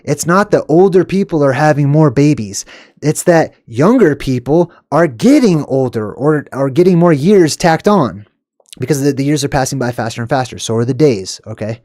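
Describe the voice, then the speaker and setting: A man hosting an excited commentary on clips, emphatic and animated, with sharp upward jumps on stressed words and lots of "okay" and "all right". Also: a little high, normal speed, no room sound, studio quality. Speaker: video host.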